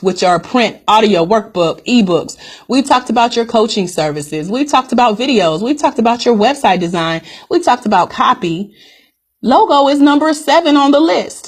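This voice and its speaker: A woman's voice: medium pitch, breathy edge. A woman business coach hosting a live-streamed coaching call, upbeat and direct, calling her viewers "guys" and repeating her key points.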